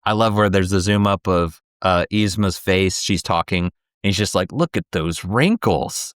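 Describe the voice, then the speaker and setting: Male co-host, low register, eager movie talk, dry recording. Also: little pitch movement, normal speed, fairly bright tone, smooth, no echo. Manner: enthusiastic, quotes lines in playful voices. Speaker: co-host of a movie review show. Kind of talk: casual movie review chat.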